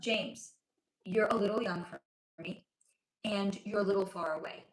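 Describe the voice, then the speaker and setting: A woman's voice: mid-range voice, moderate pace, roomy sound, rough recording. A woman hosting a casual livestream at home, chatting affectionately with viewers and reading their comments while losing her voice. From lives in Los Angeles. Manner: chatty, affectionate, reads chat aloud. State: losing her voice, sore throat. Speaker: livestream host, spiritual reader. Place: home room.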